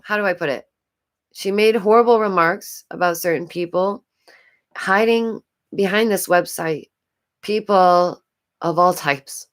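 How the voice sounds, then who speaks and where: A woman hosting a casual commentary vlog, exasperated and rambling, breaking into frequent laughs. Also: on the low side. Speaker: YouTube commentary host.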